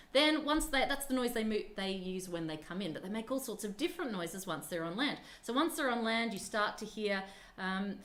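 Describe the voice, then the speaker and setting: A woman presenting a live stream in a casual, chatty and upbeat way, talking to children who are watching. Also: medium pitch. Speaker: live-stream presenter at a penguin nature park.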